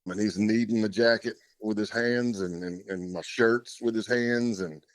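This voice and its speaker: A man's voice: lowish voice, fairly even intonation, measured pace, no room sound. A man talking as a podcast guest, telling his story in a plainspoken, loose way with casual fillers. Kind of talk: conversational storytelling.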